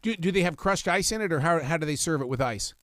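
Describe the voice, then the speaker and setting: A male radio host in a casual interview, his voice rising and falling with enthusiasm as he stumbles over repeated words. He sits a little high for a man. The sound is dry and close. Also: animated, quick pace, a bit bright, no echo.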